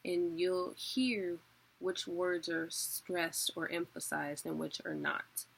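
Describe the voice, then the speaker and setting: A young woman teaching a weekly online class in a relaxed, chatty way, laughing often. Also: on the low side, slow, creaky, slightly rough. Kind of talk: casual spoken lesson.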